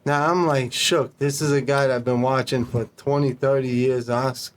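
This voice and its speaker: This man is a podcast guest spinning an anecdote in casual talk. He swears freely and slips into the voices of the people he quotes. His pitch sits in an ordinary middle range. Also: moderate pace, slight background noise. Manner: animated, profane, acts out dialogue. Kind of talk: casual storytelling.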